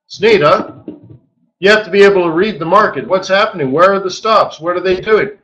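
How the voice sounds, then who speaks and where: Guy running a live forex webinar, high sharp voice, jokey, keeps asking questions, kinda dull lo-fi audio. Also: fairly quick. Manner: animated, joking, full of rhetorical questions. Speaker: forex market strategist hosting a daily webinar. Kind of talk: live trading webinar, explaining charts.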